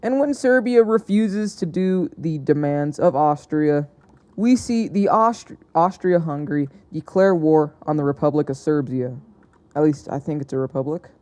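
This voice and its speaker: Young male narrator, soft dark tone, chatty and unpolished, stumbling and fixing his words as he goes. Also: fairly high pitch, moderate pace, clean tone. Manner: hesitant, self-correcting, chatty. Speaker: narrator of an alternate-history map video. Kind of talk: casual unscripted narration.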